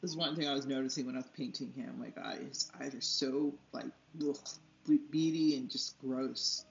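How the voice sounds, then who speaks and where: A woman's voice: rumbling low, fairly even intonation, normal speed, gravelly. A woman artist chatting casually as she paints, rambling and losing her train of thought, laughing often, a little stuffy from allergies. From United States. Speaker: artist and channel host. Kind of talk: casual chat while painting. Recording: slightly dull, roomy, faint music.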